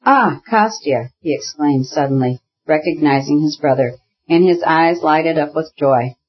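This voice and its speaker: A man narrating a classic novel in a measured, even storytelling manner. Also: fairly high pitch, breathy edge, highs cut off. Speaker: audiobook narrator.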